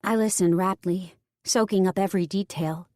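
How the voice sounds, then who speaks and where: A woman's voice: mid-range voice, fairly even intonation, moderate pace, a little mellow, no room sound, studio quality. A female narrator reading first-person romance narration with a wry, self-mocking tone. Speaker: audiobook narrator.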